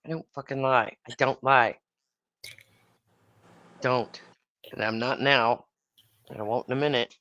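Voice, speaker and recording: A woman guest in a casual chat, blunt and profane. Her voice is low yet bright and forceful in tone. It comes through a dull, lo-fi, dry recording. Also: steady tone, a little slow, long pauses, dry recording.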